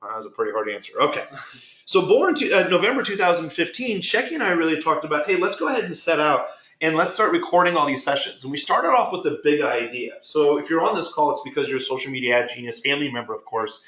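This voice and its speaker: A man presenting a webinar, telling business stories in an animated way and acting out conversations he had. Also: fairly high pitch, quick pace. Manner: animated, retells conversations with quoted dialogue. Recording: roomy echo.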